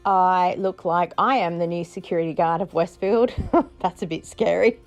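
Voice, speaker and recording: A woman's voice: on the low side, normal speed. A middle-aged Australian woman chatting casually in a vlog, laughing often and retelling moments with playful voices. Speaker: frugal living vlogger.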